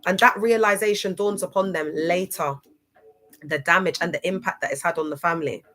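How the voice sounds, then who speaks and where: A woman's voice: on the low side, brisk, a bit bright. A woman hosting a casual livestream, chatty and laughing often, spelling out some words. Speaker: livestream host.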